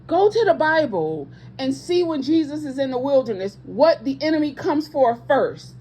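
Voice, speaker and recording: A woman's voice: high voice, very animated, normal speed, a little mellow, a little hiss or hum. A woman preaching with passion to online viewers as a ministry host, emphatic and repeating her points, with speech patterns and casual asides.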